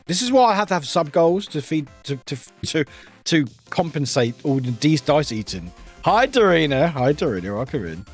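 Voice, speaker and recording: A young British man streaming and chatting with his viewers, teasing them playfully and switching between loud outbursts and quiet mumbles. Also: a little high, sing-song, moderate pace, slightly rough. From United Kingdom. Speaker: livestreamer. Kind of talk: casual chat with viewers. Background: faint music.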